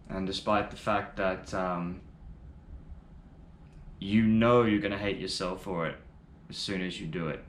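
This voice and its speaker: A man's voice: on the low side, fairly bright tone, reverberant, slight background noise. A man giving casual, enthusiastic first-reaction commentary on music, rambling a little and swearing now and then. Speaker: music reaction video host.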